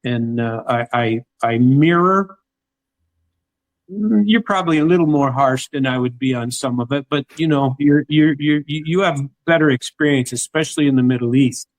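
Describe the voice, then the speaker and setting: A man's voice: mid-range voice, moderate pace, dry recording, rough recording. American male host, mid voice, rambling chat, dry mic. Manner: rambling, hesitant, many restarts. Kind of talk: casual interview chat.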